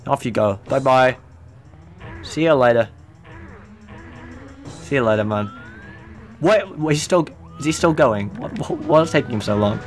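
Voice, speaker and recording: A man's voice: medium pitch, lively intonation, measured pace, pauses often, faint music behind. Joking male game streamer. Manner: joking, self-mocking asides. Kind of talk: casual gameplay commentary.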